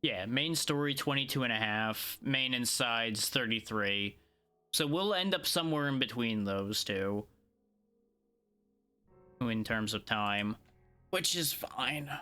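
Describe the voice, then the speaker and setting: A man's voice: mid-range voice, slow pace, pushed and bright, soft background music. Sleepy, laid-back male game streamer. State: tired, yawning. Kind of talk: casual gameplay commentary.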